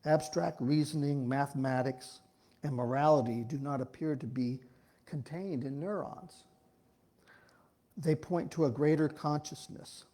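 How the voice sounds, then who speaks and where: Folksy man giving a husky sermon. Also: on the high side, measured pace, dark tone. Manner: folksy, rambling, with many restarts. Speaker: speaker giving a talk at a church. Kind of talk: informal sermon.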